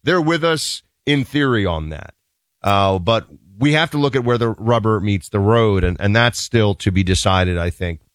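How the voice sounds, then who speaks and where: A man co-hosting a talk show, giving casual, animated political commentary with wry asides and laughter. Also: on the low side, normal speed, dry recording, clean studio sound.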